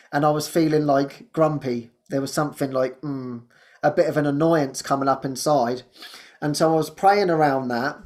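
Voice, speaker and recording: A man's voice: a little high, darkish tone. A man sharing personal spiritual experiences in conversation, earnest and laughing often, repeating words as he searches for them and acting out his own thoughts. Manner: storytelling, acts out his own inner voice.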